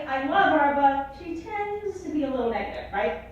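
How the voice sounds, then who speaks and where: A high-pitched woman tells family stories on stage in a stand-up set, slipping into her relatives' voices as she goes. The sound is very echoey and set back from the mic, with faint room noise behind her. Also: animated, normal speed, recorded from a distance, dull audio. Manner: storytelling, acts out relatives' voices. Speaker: stand-up comedian. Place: comedy club stage.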